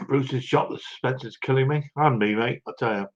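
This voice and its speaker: A man's voice: medium pitch, muffled recording. A man hosting a casual livestream, chatting in a rambling, chummy way and tripping over viewers' names. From Britain. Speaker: livestream host. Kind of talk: casual live-stream chat.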